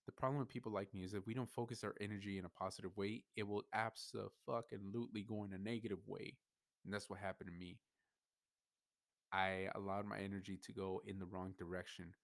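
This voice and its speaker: Low-voiced man venting emotionally. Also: little pitch movement, brisk, dry recording, clean studio sound. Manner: emotional, swearing, rambling with restarts. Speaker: podcast host. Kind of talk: personal venting monologue.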